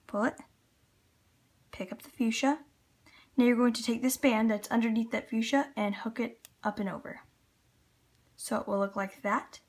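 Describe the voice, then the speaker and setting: A fairly high, slightly rough voice belongs to a Canadian woman hosting a loom tutorial. Chatty and prone to little laughs, she explains the craft step by step as she works with her hands. The audio comes from a camera on a tripod at her table.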